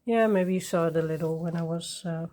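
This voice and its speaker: A woman hosting a coloring video, chatting casually and rambling softly while she works at her desk. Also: on the low side, a little fast. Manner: soft-spoken, rambling, with little laughs. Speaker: coloring channel host.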